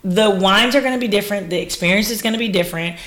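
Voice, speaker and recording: A woman who runs wine classes, talking on a podcast in a lively, laughing, exclamatory way. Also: medium pitch, quick pace. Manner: animated, laughing, exclamatory storyteller. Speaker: wine educator and business owner. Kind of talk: casual podcast interview.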